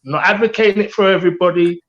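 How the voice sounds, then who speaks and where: A man's voice: sits high, fairly even intonation, fast talker, fairly bright tone, dull audio. A middle-aged man co-hosting a candid panel chat, earnest and reflective, repeating his key phrases. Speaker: co-host.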